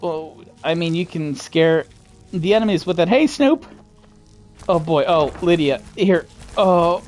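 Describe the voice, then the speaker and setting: Soft background music accompanies a man whose voice sits on the high side and takes its time. He rambles casually to his mother while gaming, laughing and cursing in reaction to the play.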